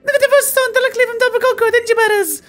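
A woman reading a tough young female gang leader from a video game in a squeaky put-on falsetto, halting with fillers. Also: fairly even intonation, a bit bright. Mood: earnest.

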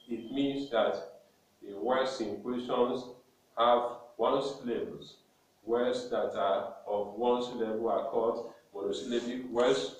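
Slow teacher man in echoey classroom. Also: medium pitch, darkish tone. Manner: slow, deliberate, repeats each word for emphasis. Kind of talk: classroom lesson. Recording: very echoey classroom, mic far off, faint noise.

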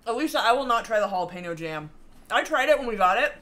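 A woman's voice: on the high side, animated, quick pace, fairly bright tone. A woman co-hosting a home baking livestream, reading viewer comments aloud and laughing often as she chats. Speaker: cooking show co-host. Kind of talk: casual livestream chat.

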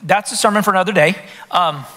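A man preaching a sermon to a congregation in a lively way, often putting rhetorical questions to the room. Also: sits high, quick pace. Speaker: pastor. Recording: long reverb of a large hall.

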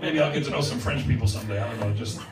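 A guest preacher with a mid-range voice races through a storytelling sermon in a church sanctuary, conversational and acting out dialogue with laughs. He's picked up from a distant mic, so the recording is echoey and noisy.

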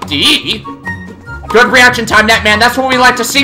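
A gaming channel host giving excited let's-play commentary and often yelling at the game. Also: medium pitch, a little slow, long pauses. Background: game music.

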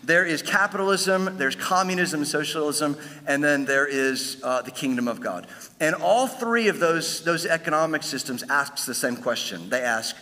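A man preaching a sermon as pastor, building to emphatic peaks and dropping low for asides. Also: expressive, moderate pace, long reverb tail. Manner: emphatic preaching, swells louder on key lines, drops low for asides.

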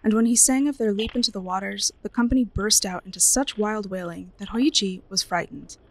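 A woman librarian reads a spooky tale aloud, shaping each line with drama. Her mid-pitched voice carries a gravelly edge. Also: a little fast, noisy background. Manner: expressive, dramatic storytelling. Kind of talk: storybook reading aloud.

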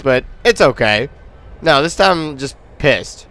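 A man's voice: medium pitch, expressive, unhurried, sharp tone, no echo, soft background music. A man commentating on his gameplay in a casual, frustrated and sarcastic way, swearing often. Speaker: let's play commentator.

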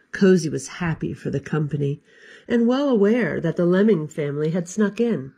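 A woman librarian giving an expressive, sing-song storytime read-aloud for children. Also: lowish voice, normal speed, gravelly, breathy edge.

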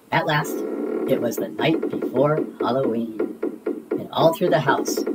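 A reader narrating children's picture books aloud in a lively storybook manner. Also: mid-range voice, very noisy. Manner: slow, lively storybook reading.

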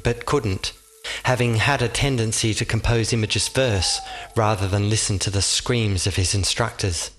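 A man giving scripted audiobook narration in a measured, vivid storytelling manner. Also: fairly low pitch, fairly bright tone.

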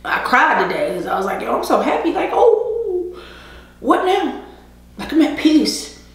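High-voiced woman preaching her truth. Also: big pitch swings, unhurried, echoey room. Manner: earnest, preachy, swings into laughter and slang. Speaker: vlogger. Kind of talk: casual heartfelt monologue while eating. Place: indoors at home, eating a seafood boil.

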